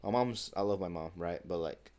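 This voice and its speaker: A man's voice: low-pitched, a little mellow. An eighteen-year-old man venting casually to the camera in a slangy, swearing monologue, calling everyone bro and acting out what other people said. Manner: casual slangy talk, says bro a lot, swears freely; acts out other people's lines in quick quoted voices. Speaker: vlogger.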